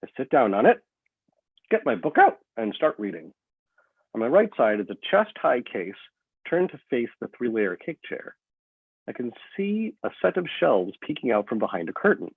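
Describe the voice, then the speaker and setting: A man reading a first-person novel aloud in an expressive storytelling manner, over a lo-fi phone-like line. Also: mid-range voice, moderate pace, vocal fry, breathy edge, no room sound. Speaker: author reading his own novel.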